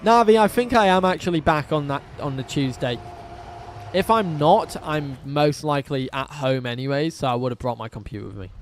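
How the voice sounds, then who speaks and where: A man's voice: on the high side, fairly quick, a little hiss or hum. A man streaming a dinosaur game, chatting casually with viewers, reading out chat and swearing often.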